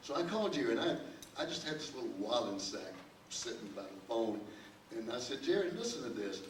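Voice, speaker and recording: A man's voice: medium pitch, a little fast, a little hiss or hum. An older man, a guest on a panel, telling a long anecdote with many restarts. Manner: rambling, full of restarts, chuckling storyteller. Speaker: panel guest, record producer. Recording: echoey hall, distant mic, faint ambience.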